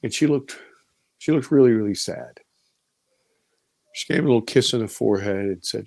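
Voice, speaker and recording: Gravelly-voiced man telling a vivid story. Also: fairly low pitch, normal speed, pauses often, darkish tone, no echo, studio quality. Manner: vivid storyteller who repeats words when caught up in the story. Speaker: interviewee recounting an encounter. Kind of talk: personal storytelling testimony.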